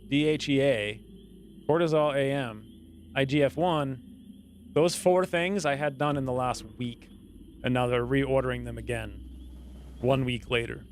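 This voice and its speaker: A man streaming a game, chatting casually and playfully, rambling and jumping into high exclamations. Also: slight background noise. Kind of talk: casual live-stream gameplay commentary.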